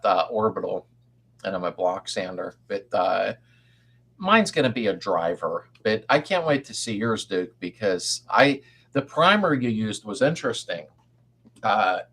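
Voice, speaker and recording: A man's voice: lowish voice, a bit bright, breathy edge. Folksy older man chatting on a livestream. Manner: rambling, folksy, greets chat viewers by name. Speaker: livestream host. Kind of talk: casual live-stream chat.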